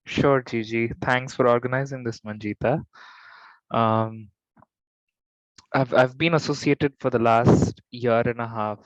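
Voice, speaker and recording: A man's voice: mid-range voice, steady tone, a little slow, no echo, highs cut off. A man on a video call, speaking hesitantly with restarts about his volunteer teaching. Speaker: volunteer prison program teacher. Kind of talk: casual talk on a video call.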